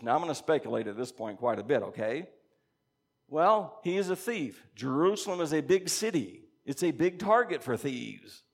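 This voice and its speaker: A man teaching a congregation in a conversational sermon, reading scripture aloud and musing with animated asides. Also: fairly high pitch. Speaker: pastor or Bible teacher.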